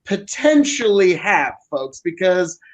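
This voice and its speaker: A man's voice: high voice, very animated, slow pace, low-quality recording. A man co-hosting a casual political podcast, addressing listeners as folks in a showman's manner. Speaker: podcast co-host.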